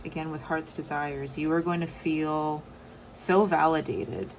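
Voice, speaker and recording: A young woman giving a casual tarot reading, soft and rambling with many fillers. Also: deep voice, fairly even intonation, measured pace, a little hiss or hum. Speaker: tarot reader.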